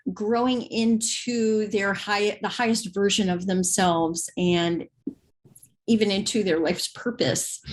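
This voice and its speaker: A woman co-hosting a relaxed spiritual podcast, with a voice of middling pitch for a woman. She tells stories in a lively way and jumps into the voices of the people in them. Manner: lively storyteller, acts out quoted dialogue. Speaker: podcast co-host. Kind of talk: casual spiritual conversation.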